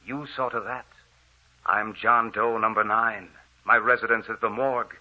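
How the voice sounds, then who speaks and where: An actor playing a vengeful dead man returned from the morgue, speaking slowly and in hushed, menacing tones in an old radio drama. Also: fairly low pitch, fairly even intonation, narrow, tinny audio, lightly acted. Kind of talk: 1940s radio drama acting.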